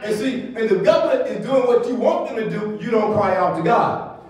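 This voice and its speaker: A man preaching a sermon as pastor, in rhythmic bursts of shouted repetition and calls for the congregation to answer. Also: high voice, expressive, a little fast. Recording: echoey church sound from far off.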